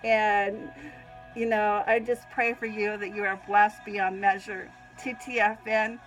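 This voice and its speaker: A woman's voice: mid-range voice, level tone, a little slow, fairly bright tone, soft background music, poor audio. A woman with a Southern US accent reads her own Christian writing aloud, often breaking off to sneeze and giggle. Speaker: Christian vlogger.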